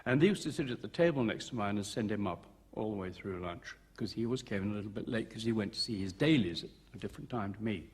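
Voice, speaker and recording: Husky older man telling wry anecdotes. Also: on the low side, expressive, fast talker, few pauses, a little mellow. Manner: wry, theatrical storytelling with acted-out dialogue. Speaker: interviewee, veteran film actor. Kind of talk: reflective interview anecdotes.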